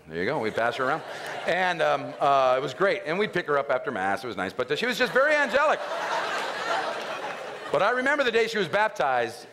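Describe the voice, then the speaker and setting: A middle-aged man giving an animated storytelling talk at a faith event, acting out scenes with loud outbursts. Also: mid-range voice, slight background noise. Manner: animated, acts out scenes with loud shouts and laughs.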